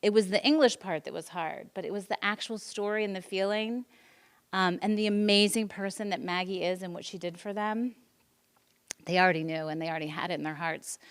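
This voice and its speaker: A woman's lowish voice comes across clear, with a resonant tone. She is a teacher in her forties speaking earnestly at a school board meeting in a public meeting room, giving an emotional personal presentation marked by many ums and restarts.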